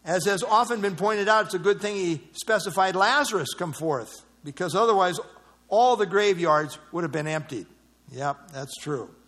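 Male Bible study teacher, high-ish voice, conversational and explanatory. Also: moderate pace, a bit bright. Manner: conversational, explanatory, with fillers and restarts.

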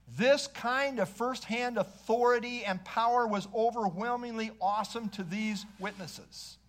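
A man preaching an expository sermon, reading scripture aloud and dropping to a hush for quoted lines. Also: very high voice. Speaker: pastor.

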